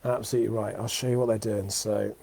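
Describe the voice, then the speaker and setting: A man's voice: on the low side, fairly even intonation, fast talker, vocal fry, dark tone, breathy edge. A man in his thirties hosting an unscripted live show from home, sounding exhausted and rambling with many fillers and restarts. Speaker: host of a weekly live show. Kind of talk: unscripted live-stream chat. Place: home, indoors. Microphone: webcam or computer mic for a live video.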